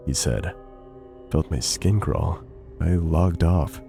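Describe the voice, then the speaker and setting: Deep-voiced man narrating horror stories. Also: creaky. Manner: measured, suspenseful. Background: soft music.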